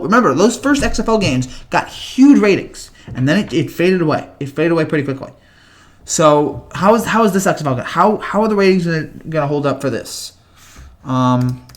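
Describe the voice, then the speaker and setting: A young man in his twenties hosting a casual livestream, chatting with viewers in a rambling way, full of fillers and stammered restarts. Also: fairly high pitch. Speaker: livestream host. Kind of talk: casual live chat reading viewer comments.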